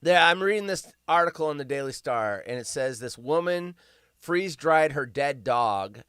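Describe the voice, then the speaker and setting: A man hosting a casual livestream, rambling and sarcastic as he reacts in disbelief. His voice sits a touch high and swings widely in pitch. It is smooth and clear, recorded close and dry. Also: lively intonation, normal speed, fairly bright tone, no echo. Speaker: livestream host.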